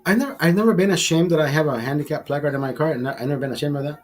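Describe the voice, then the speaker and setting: Husky man telling a crude rant. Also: fairly high pitch, racing, soft background music. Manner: crude, bitter and petty. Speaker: livestream host. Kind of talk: profane storytelling rant.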